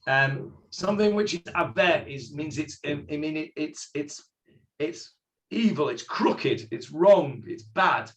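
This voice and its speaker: With an animated manner and fairly high pitch, a man slowly walks his Bible study students through the material, acting out the figures' words in character and asking the class questions.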